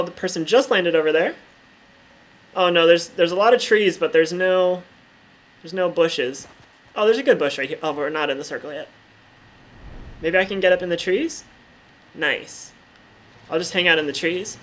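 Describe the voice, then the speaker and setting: A woman's voice: fairly low pitch, normal speed, long pauses. A woman talking casually over her own gameplay as a vlogger, full of "like" fillers and freely swearing. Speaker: gaming vlogger.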